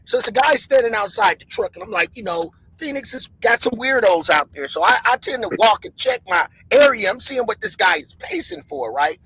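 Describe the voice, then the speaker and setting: A male host with a very high, bright voice tells stories in an excitable rush. His pitch leaps around as he talks. The sound is close and dry. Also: brisk, vocal fry, hardly any pauses, slightly rough, dry recording, rough recording. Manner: excitable, calls the audience "y'all" and "gang". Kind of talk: animated storytelling to viewers.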